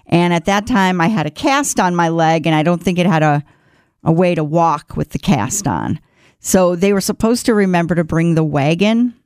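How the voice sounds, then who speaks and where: A woman's voice: lowish voice, lively intonation, normal speed, darkish tone, clear, resonant tone, dry recording, clean studio sound. A woman co-hosting a talk show, telling a childhood story in a chatty, self-mocking way. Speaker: radio show co-host. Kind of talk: casual chat.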